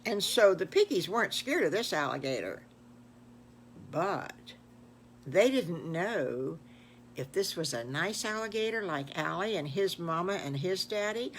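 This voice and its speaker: An older woman spins a children's story as she goes, in a folksy, exclamatory way. Her voice sits fairly low, and she takes her time over every phrase. A faint hum lies under it. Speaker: grandmother storyteller. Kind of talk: improvised children's story narration.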